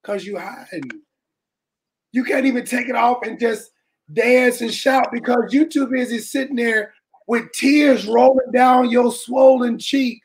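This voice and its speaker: A man giving an impassioned, preaching-style talk, colloquial and animated, often shouting for emphasis to his listeners. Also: very high-pitched, a little slow. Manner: colloquial, calls listeners "baby" and "y'all". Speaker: speaker addressing a church audience.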